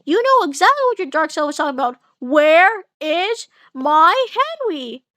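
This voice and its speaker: A woman reading the lines of a menacing male villain, slow and threatening, in a homemade fanfic reading. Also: high-pitched, very animated, fairly bright tone, no echo. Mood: accusing. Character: menacing male villain who turns evil.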